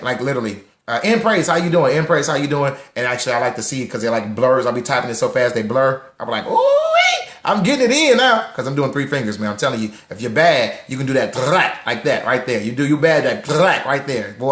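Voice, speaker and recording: A young man hosting a live talk room on money, lively and preachy, repeating lines for emphasis and greeting listeners by name. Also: medium pitch, reverberant. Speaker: host of a live social audio room on personal finance.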